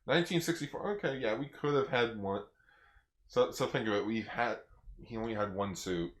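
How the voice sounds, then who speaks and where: A man's voice: mid-range voice, moderate pace, reverberant. A man co-hosting a podcast in casual chat, joking around and cracking himself up. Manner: giggly, jokey. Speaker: podcast co-host.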